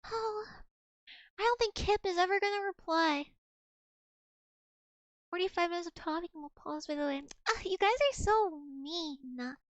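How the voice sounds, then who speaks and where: A young woman streaming, chatting in a giggly, mock-dramatic way. Her voice sits very high, and the sound is dry and close with no room around it. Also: a little slow, long pauses, no echo, dull audio. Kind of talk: casual chat reading old messages to chat.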